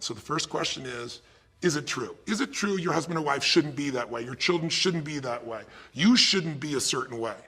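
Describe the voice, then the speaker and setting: A man's voice: fairly high pitch, brisk, sharp tone, husky. A man giving a motivational speech, retelling a coaching story in quoted dialogue and asking the audience rhetorical questions. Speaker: motivational speaker.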